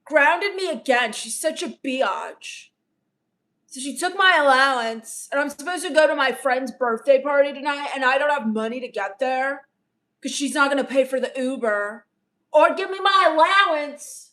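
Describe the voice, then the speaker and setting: Her voice sits high and fairly bright at a moderate pace as a woman comedian improvises a livestream character. She plays a bratty teenager absorbed in herself, reading comments from viewers and sneering at them.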